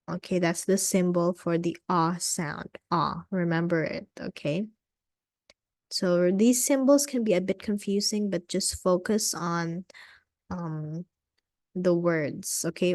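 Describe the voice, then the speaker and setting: A woman teaching English vowel sounds in a slow, patient lesson, repeating each sound and saying "okay" often. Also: lowish voice, a little mellow, no echo, clean studio sound.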